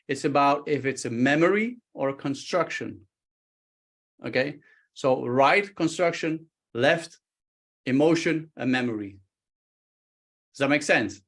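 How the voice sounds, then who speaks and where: Animated man explaining body language. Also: on the high side. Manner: animated, acts out quoted speech, frequent restarts. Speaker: body language expert guest. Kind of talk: talk show interview, explaining with stories.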